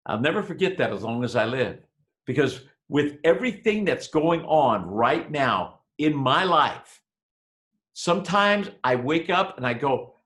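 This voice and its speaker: A man giving a motivational webinar talk, telling a personal story with dramatic swings between loud and hushed delivery. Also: on the high side, sing-song, measured pace. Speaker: motivational speaker. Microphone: webinar microphone.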